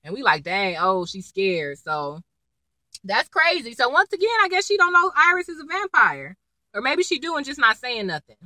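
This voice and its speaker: Bright, lively young woman recapping TV. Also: a little high, moderate pace, no room sound, poor audio. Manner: animated, slangy, acts out quotes. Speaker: TV episode reviewer. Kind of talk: casual chatty recap.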